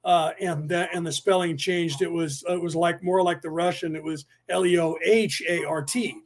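High-ish husky guy teaching on a livestream, repeats himself a lot, chatty and loose. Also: steady tone, normal speed. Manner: rambling, repeats words, spells things out. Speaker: podcast host teaching a class. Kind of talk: casual livestream lecture.

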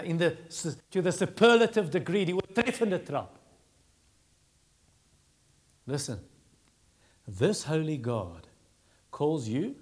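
Male preacher; emphatic sermon delivery, voice a touch high. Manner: emphatic, repeats phrases for stress.

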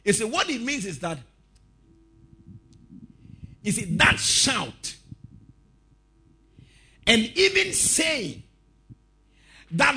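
A male preacher giving a lively sermon, telling stories, shouting out quotes and laughing as he goes. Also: high voice, slow pace, gravelly, pauses often, slightly rough.

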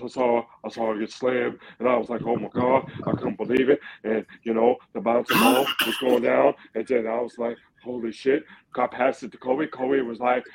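A man putting on a boisterous, excitable older male sports pundit, rambling and exclaiming. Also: mid-range voice, gravelly, very noisy. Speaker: podcast co-host.

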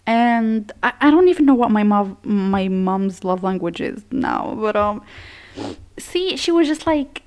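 A woman's voice: mid-range voice, expressive, measured pace, a little mellow. A young woman, telling a personal story in a rambling, profane way while she plays a game. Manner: rambling, profane, full of fillers. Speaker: gaming streamer. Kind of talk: casual storytelling over gameplay.

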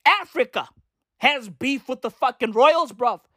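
A woman rants for comedy in a rambling, foul-mouthed, slang-heavy flow, her pitch bouncing all over. Her voice sits fairly high. The sound is dry and close, with no room around it. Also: animated, measured pace, a bit bright, no echo. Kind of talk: comic rant.

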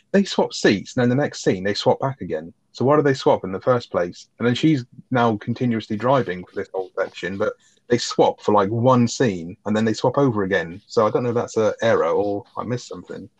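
A man talks quickly through a casual film review, swearing freely and laughing along as he retells scenes. His voice sits a little low and sounds dry and close, with almost no room around it. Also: dry recording. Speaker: podcast co-host.

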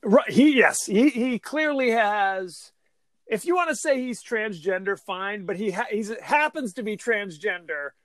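Talking a little slowly in a voice that sits high, a male podcast co-host jokes and rambles his way through a casual film discussion. He's animated and often restarts, and there's no room sound.

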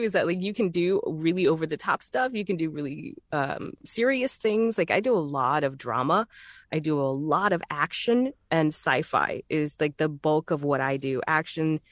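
A woman's voice: sits low, lively intonation, normal speed, no echo, studio quality. A woman from Texas with a Texan accent, a voice actor talking in a casual, chatty and easygoing way. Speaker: voice actor guest. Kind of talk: casual conversation.

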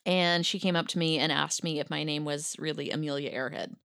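A woman co-hosting a podcast, reacting with laughs and quick questions in casual chat. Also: low-pitched, fairly even intonation, fairly bright tone. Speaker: podcast co-host.

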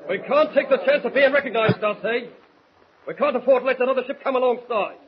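A bullying mutineer, Limey. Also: male voice, very high-pitched, fast. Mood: commanding. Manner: bullying, threatening, coarse grammar. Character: menacing English mutineer ringleader, gruff man. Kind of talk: 1940s radio acting. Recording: muffled hissy 1940s radio broadcast.

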